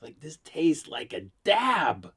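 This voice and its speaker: A man who is high, telling stories in a loose, rambling vlog monologue, swearing and giggling as he goes. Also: huge pitch swings, takes it slowly, a bit bright, breathy edge. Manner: profane storytelling with acted quotes. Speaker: vlogger reviewing vapes.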